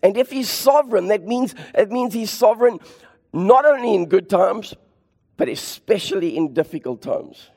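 Impassioned preacher with a gravelly voice. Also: male voice, sits high, lively intonation, normal speed. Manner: impassioned, rising to near shouts, repeats phrases for emphasis. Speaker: preacher sharing his testimony. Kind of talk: sermon. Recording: long hall reverb.

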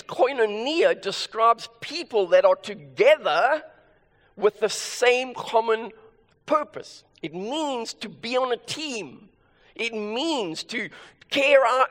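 Male pastor, high voice, emphatic sermon delivery, long hall reverb. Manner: emphatic, repeats key phrases.

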